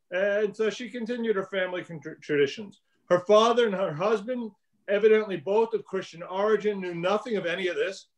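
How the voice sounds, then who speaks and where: A man teaching a class over a video call, explaining things in a measured way and calling on students by name. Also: sits high, poor audio.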